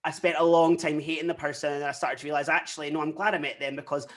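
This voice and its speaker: A young Scottish guest talking quickly and candidly in a relaxed interview. The voice sits a little high for a man, and the stories rush along, full of quoted asides and lively retellings. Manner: candid, animated storytelling with frequent quoted asides. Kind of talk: casual interview chat.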